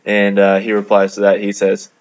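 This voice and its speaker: Flat, gravelly young man telling a gaming story. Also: lowish voice, moderate pace. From Canada. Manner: laid-back, amused, many fillers. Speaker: gamer narrating a video. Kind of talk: casual storytelling over gameplay. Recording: dull lo-fi mic.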